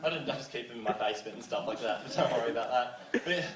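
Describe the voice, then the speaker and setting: Teen stand-up, self-deprecating and rambling; heard far off in a roomy hall over crowd laughter. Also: male voice, mid-range voice, fast. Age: teens. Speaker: stand-up comedian. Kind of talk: stand-up comedy set. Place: school comedy stage before a live audience. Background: audience laughter.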